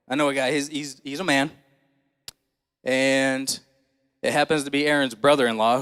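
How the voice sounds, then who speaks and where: A man's voice: mid-range voice, a bit bright, smooth. A man preaching a sermon, telling a personal story in a folksy, conversational way and asking the congregation questions. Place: church hall. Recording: church hall reverb.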